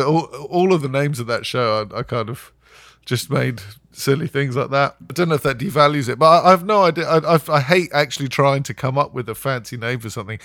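A man, a photographer, chatting casually with many halting restarts and frequent laughter. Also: medium pitch, fairly bright tone, no room sound, clean studio sound. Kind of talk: casual chat.

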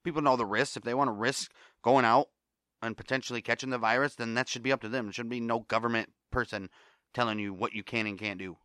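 A man's voice: medium pitch, fairly even intonation, quick pace, sharp tone, no echo, studio quality. A man with an American accent hosting a solo podcast, ranting angrily and swearing often. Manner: angry, profane ranting. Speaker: podcast host.

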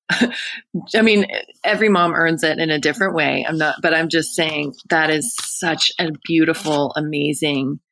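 A woman's voice: deep voice, a little slow, a bit bright, no room sound. A woman hosting an interview show, affirming her guest in an effusive way. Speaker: podcast host. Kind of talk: interview conversation.

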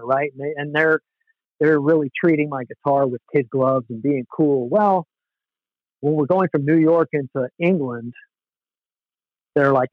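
A man casually telling an animated, loose, swearing story about touring as a musician. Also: fairly high pitch, normal speed, dry recording. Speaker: musician guest. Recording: dull, lo-fi sound.

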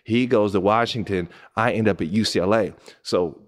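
A man in his thirties from Pasadena, hosting a podcast and telling a story animatedly, swinging between hushed asides and excited outbursts. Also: lowish voice, moderate pace. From Pasadena, California. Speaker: podcast host.

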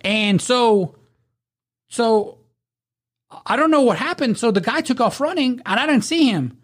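A man's voice: very high voice, measured pace. A man telling rowdy, profane stories in casual chat, acting out the people he quotes. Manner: rowdy, profane, animated storytelling with acted-out quotes. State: drunk.

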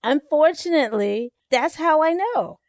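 A woman in a casual chat, expressive and quick to laugh, acting out her own thoughts as she talks. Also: high-pitched, heavy background noise.

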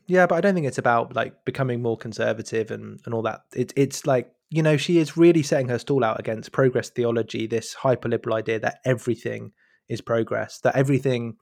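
A man's voice: medium pitch, a little fast, gravelly, a little mellow, dry recording. Man searching for words in a dry room. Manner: groping for words, many restarts. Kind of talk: casual podcast discussion.

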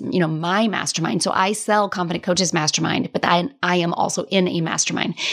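A woman hosting a solo podcast as a business coach, talking in a chatty, candid way, laughing often and swearing now and then. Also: lowish voice. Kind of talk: casual solo podcast monologue.

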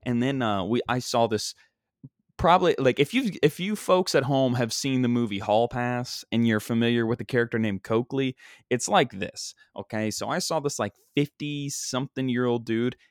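A young man who hosts his own podcast and does stand-up tells a rambling comic story into a single microphone, speaking at medium pitch and normal speed. His talk is full of fillers and restarts. The studio recording is clean and dry.

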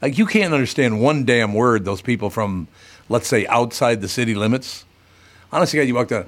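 A medium-pitched male voice moves briskly here: he's a radio show host trading casual banter. He tells his stories in an animated way and swears without a second thought.

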